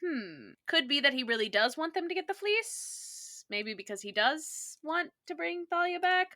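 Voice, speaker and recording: Bright-voiced chatty woman podcaster. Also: sits high, sing-song, moderate pace. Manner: chatty, peppered with "like". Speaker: podcast co-host. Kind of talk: casual chat recapping a TV episode.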